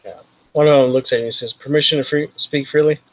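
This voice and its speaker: A man's voice: mid-range voice, steady tone, fast talker, dry recording, poor audio. A man narrating as game master, loosely and with many fillers. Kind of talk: narrating a tabletop role-playing game.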